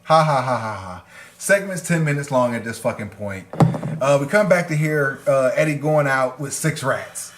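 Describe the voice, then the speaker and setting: A man's voice: mid-range voice, normal speed, roomy sound, heavy background noise. A man co-hosting a wrestling review podcast. He recaps matches in casual, profane chat, laughing as he goes. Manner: animated, swears freely, laughs while recapping.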